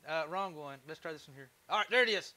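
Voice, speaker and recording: Expressive and quick, this woodturner from Texas runs his woodworking livestream as an easygoing chat, full of ready laughter and casual cursing. For a man, his voice sits high and sounds bright and forward.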